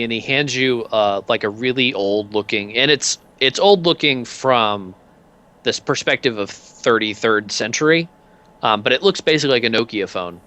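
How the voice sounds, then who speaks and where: A man's voice: mid-range voice, normal speed, bright, forceful tone. A man narrating as game master in a tabletop game, in a loose, filler-heavy way.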